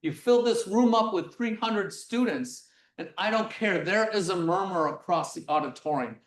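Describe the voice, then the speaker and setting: Animated physics presenter in a roomy space. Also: medium pitch, moderate pace, distant mic. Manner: animated, acts things out, projects loudly. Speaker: physics lecture demonstrator. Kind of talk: live workshop presentation. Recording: roomy sound from away from the mic.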